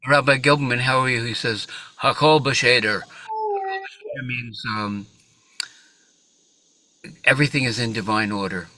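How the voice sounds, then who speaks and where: A man's voice: mid-range voice, steady tone, normal speed, pauses often, pushed and bright, no room sound, rough recording. A man giving a religious class in a temple, telling a story with many fillers and restarts. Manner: hesitant starts, many fillers. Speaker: class speaker. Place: temple hall.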